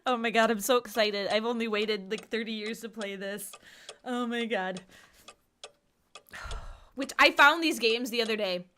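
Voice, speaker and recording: A woman's voice: a little high, normal speed, pauses often, bright, forceful tone, slight background noise. A woman in her thirties from the United States giving giddy, giggly livestream commentary on a game. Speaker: streamer. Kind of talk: let's-play livestream commentary.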